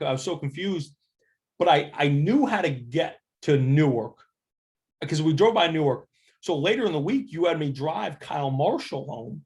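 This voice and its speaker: Animated male coach telling stories. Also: on the high side. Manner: animated storyteller, quick restarts, acts out quoted voices. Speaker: assistant basketball coach, guest. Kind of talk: casual storytelling interview.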